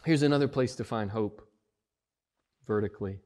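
A man preaching a sermon as pastor, with emphatic rises and drawn-out stressed words. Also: on the low side, darkish tone.

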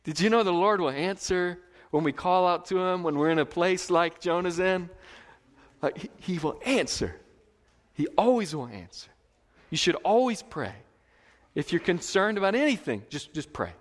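A man preaching a sermon as pastor, in a conversational, lively way with emphatic repetition. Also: sits high, moderate pace. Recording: long hall reverb.

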